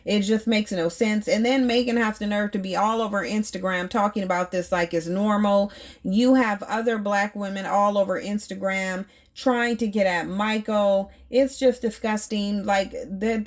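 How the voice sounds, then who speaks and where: Woman, 30s, outspoken reality TV commentator, emphatic, mid-pitched. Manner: blunt, emphatic, rhetorical questions to viewers. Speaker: reality TV reviewer. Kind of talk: opinionated commentary.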